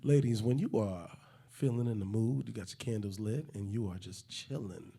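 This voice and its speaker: A man co-hosting a podcast, recording promo intros, switching between a hyped announcer shout and a smooth seductive voice. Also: fairly low pitch, normal speed. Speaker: podcast co-host. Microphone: handheld microphone.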